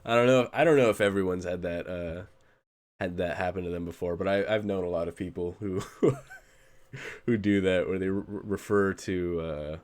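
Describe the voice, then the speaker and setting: A man's voice: low-pitched, steady tone, normal speed, a little mellow. Wry laughing man reacting on stream. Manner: laughs often, wry and sarcastic asides. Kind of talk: casual reaction commentary.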